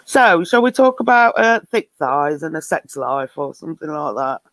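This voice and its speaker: A woman hosting a live video chat stream, casual and trying to calm things down. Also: low-pitched, moderate pace, no room sound. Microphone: video call.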